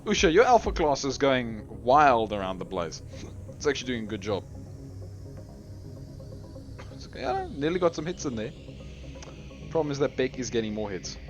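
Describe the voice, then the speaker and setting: A man's voice: medium pitch, very animated, brisk, lo-fi sound. A man giving live commentary on a game tournament, reading chat aloud and joking with viewers, laughing often. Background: faint game music.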